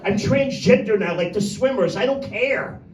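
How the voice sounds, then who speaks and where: A man with a high voice doing a crude, rambling stand-up set and picking on people in the audience by name. He is recorded from a distance in an echoey little room. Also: moderate pace. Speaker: stand-up comedian. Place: small room with a tiny audience.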